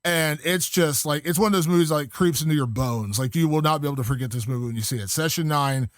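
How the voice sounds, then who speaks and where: A guest film critic chats casually on a podcast, fast and enthusiastic, rambling with many fillers. His voice is on the high side, captured in a dry, clean studio recording.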